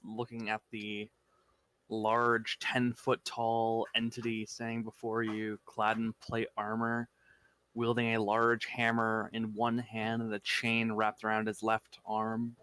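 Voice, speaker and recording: A man running a tabletop game, narrating a scene in a slow, measured way. His delivery stays flat and even. The sound is dry and close, with no room around it. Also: on the low side, smooth, no room sound. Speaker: game master.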